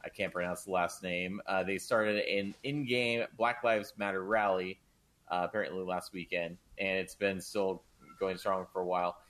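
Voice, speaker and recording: Laid-back low-voiced male co-host. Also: fairly even intonation, moderate pace, a bit bright, rough recording. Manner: laid-back, hesitant with frequent ums. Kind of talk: casual chat.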